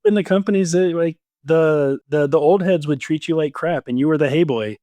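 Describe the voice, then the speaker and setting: A man's voice: on the high side, brisk, dark tone, no room sound. Chatty man as a podcast guest. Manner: chatty, repeats words as he starts sentences. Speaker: podcast guest, business owner. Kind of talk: casual podcast chat.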